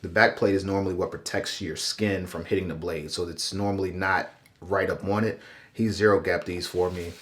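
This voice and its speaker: Young male vlogger, slightly low voice, stuffy nose, laid-back, talking to camera in a small bathroom. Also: normal speed. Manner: relaxed, chatty, addresses viewers directly. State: congested. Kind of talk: casual haircut tutorial.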